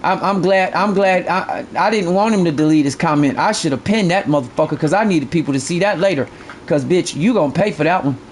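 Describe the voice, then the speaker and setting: A man's voice: on the high side, brisk, slight background noise. A man streaming a fishing game live, ranting bluntly and profanely to his chat and repeating his points.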